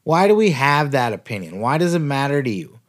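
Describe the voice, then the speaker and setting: A man's voice: medium pitch, very animated, brisk. A man hosting a podcast, ranting in a heated, sarcastic way and swearing constantly. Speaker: podcast host. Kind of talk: profane ranting podcast commentary.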